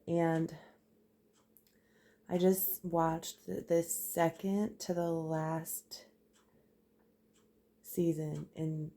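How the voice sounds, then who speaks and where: A young woman in a casual vlog, talking hushed and soft while gushing excitedly with lots of fillers. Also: low-pitched, gravelly. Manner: hushed, soft talking so a sleeping baby stays asleep. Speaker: vlogger. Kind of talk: casual faith vlog retelling a show.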